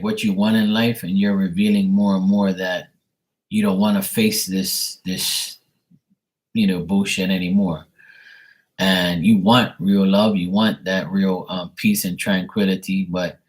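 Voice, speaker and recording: A man with a deep, low voice and a husky, slightly rough tone talks loosely to his viewers. He wanders through his points with plenty of fillers, restarts and blunt swearing. It sounds like an unscripted live-stream reading. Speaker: streamer reading tarot cards for paid questions. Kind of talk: casual live-stream chat.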